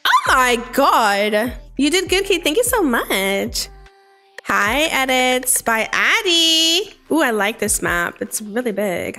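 A woman streaming a game live, chatting with viewers in a bubbly, excitable way and breaking into sudden squeals. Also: sits high, takes it slowly. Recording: faint game music behind.

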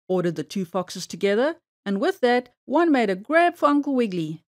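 High-voiced woman reading a children's story. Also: fairly quick. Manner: playful, expressive storytelling.

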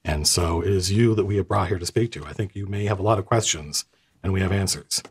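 A man's voice: sits low, slightly rough, exaggerated voice. A man doing a courteous old orc commander. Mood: solemn. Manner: measured, courteous, formal. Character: old civilized male orc resistance leader.

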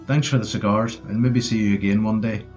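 A man's voice: lowish voice, steady tone, brisk, a little mellow, soft background music, lightly acted. A man voicing a cocky, joking young British soldier as he reads the story aloud. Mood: jaunty. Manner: breezy and joking.

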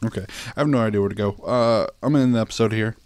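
His voice is fairly low, darkish, and smooth, and he talks very fast while commenting on his own play in a let's play video. The young YouTuber laughs often, curses, and begs the game to cooperate.

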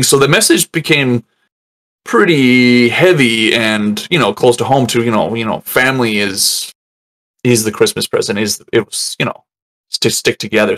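A man reviewing a movie in casual chat, rambling and swearing, acting out scenes in quick voices. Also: medium pitch, fairly bright tone.

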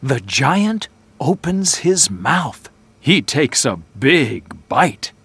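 A reader narrating a children's story aloud slowly and clearly for English learners. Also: mid-range voice, noisy background. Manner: slow, clear, expressive reading.

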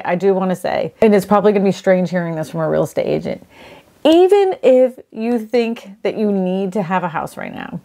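A woman's voice: fairly low pitch, a little mellow. A woman real estate agent hosting a casual vlog, chatting enthusiastically as she browses and gushes over listings.

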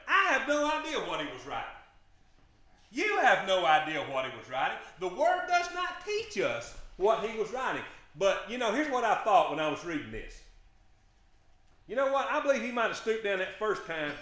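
A man's voice: high-pitched, pushed and bright. A man preaching a sermon, impassioned and emphatic, firing off rhetorical questions to his congregation. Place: church sanctuary. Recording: echoey church sanctuary.

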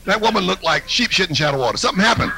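A man's voice: high-pitched, sing-song, racing, creaky, background noise. A man performing a live stand-up routine, brash and mocking, with confiding asides to the crowd. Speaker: stand-up comedian. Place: comedy stage.

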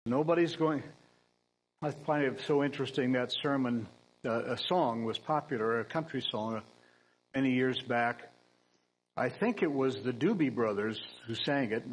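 A man preaching a sermon in a church, earnest and emphatic, with dry humorous asides and frequent throat-clearing. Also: mid-range voice, normal speed, long pauses, a little hiss or hum, rough recording.

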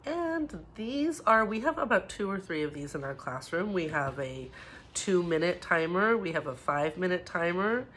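A woman teaching preschoolers from home, talking gently and encouragingly and mixing in Spanish words. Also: on the low side, very animated, moderate pace, slight background noise. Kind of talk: home video lesson for young children.

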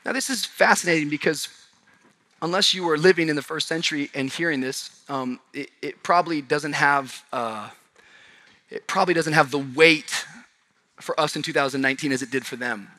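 A male pastor with a high, bright, forceful voice delivers a sermon in a church. He swings between shouting and near-whispered lines. His pace is quick and conversational. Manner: passionate, swings from shouting to hushed. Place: large church auditorium.

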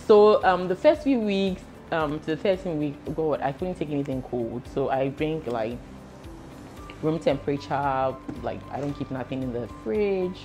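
Young woman vlogger, low-ish voice, chatty and emotional, slips into pidgin, faint music under her. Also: moderate pace. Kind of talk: casual pregnancy update vlog.

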